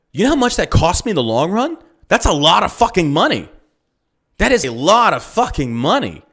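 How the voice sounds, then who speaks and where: A man's voice: on the high side, sing-song, brisk, fairly bright tone. A male podcast host and business owner ranting about politics, swearing freely and firing off rhetorical questions. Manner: profane, heated, rhetorical questions. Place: lives in Texas.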